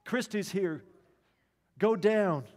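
An urgent wife blurts out hurried orders, as a male preacher puts her on. The voice sits fairly high and rings through a long hall echo. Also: big pitch swings, full character voice. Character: urgent middle-aged wife and mother.

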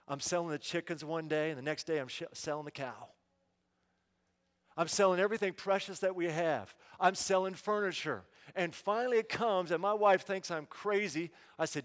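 A man preaching, telling a parable in the first person and acting out the dialogue with animation. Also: high-pitched. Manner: animated, acts out the story with quoted dialogue. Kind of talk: dramatic first-person sermon storytelling. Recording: long hall reverb.

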